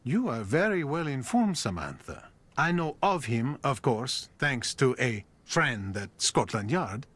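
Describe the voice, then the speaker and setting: An actor playing a suave, measured game character who speaks with knowing charm. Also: male voice, medium pitch, big pitch swings, a bit bright. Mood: composed. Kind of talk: game voice acting.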